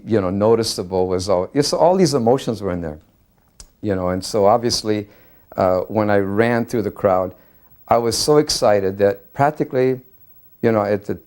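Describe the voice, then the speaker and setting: An older man reminiscing in an interview, earnest and halting, with many fillers as he recalls a memory. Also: lowish voice, a little mellow. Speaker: devotee sharing memories.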